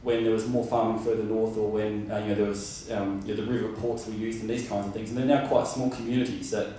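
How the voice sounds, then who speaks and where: A man's voice: on the low side, level tone, fast, dark tone, slight background noise. A man giving a conference presentation, rambling with many fillers and restarts. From Australia. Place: conference room. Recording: roomy hall from far off.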